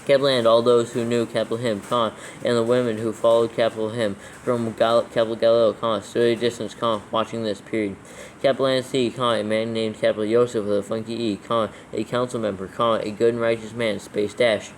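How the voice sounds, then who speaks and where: A man reading scripture aloud for proofreading, haltingly dictating each punctuation mark. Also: mid-range voice, level tone, low-quality recording. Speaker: proofreading reader. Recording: faint background noise.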